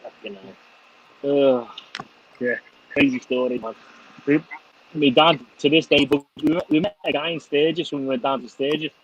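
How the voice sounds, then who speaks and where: A man's voice: a little high, fairly even intonation, normal speed, long pauses, low-quality recording. A middle-aged man hosting a casual chat, laughing and swearing freely. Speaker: host.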